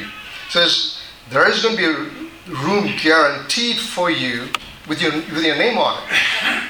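Male pastor, sermon delivery, patient and repetitive, very bright tone, roomy church hall sound. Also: on the high side, lively intonation, moderate pace, slight background noise. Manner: patient, repetitive teaching with frequent restarts. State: dry mouth.

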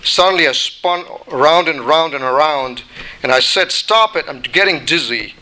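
A man's voice: a little high, lively intonation, moderate pace, sharp tone, rough recording. A man voicing a small china teacup that began as ordinary clay, telling its own story as a read-aloud. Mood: recounting. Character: little china teacup, once ordinary clay, long-suffering.

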